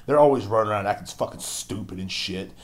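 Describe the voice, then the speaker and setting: Profane ranting young man, low voice. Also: fast talker. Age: young adult. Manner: profane, ranting, mocks others in squeaky voices. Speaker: podcast host. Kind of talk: angry solo rant.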